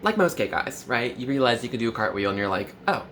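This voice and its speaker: A man in his twenties doing a mock-earnest parody vlog, full of valley-girl fillers and sudden swoops in pitch. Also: animated, fast, fairly bright tone, a little hiss or hum. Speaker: comedy vlogger.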